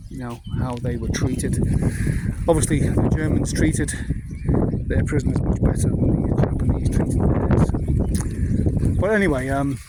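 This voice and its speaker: A man's voice: mid-range voice, unhurried, very noisy. A man in his fifties with a North Welsh accent, telling anecdotes in a chatty, rambling way with plenty of fillers. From North Wales. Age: 50s. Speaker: vlogger. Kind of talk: casual anecdotal monologue.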